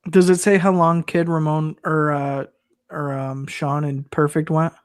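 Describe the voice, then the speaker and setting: A man's voice: a little high, level tone, unhurried, clear, resonant tone, no echo, clean studio sound. A man co-hosting a podcast in casual chat, laid-back and joking, with lots of agreeing and filler. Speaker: podcast co-host. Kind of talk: casual chat recapping wrestling.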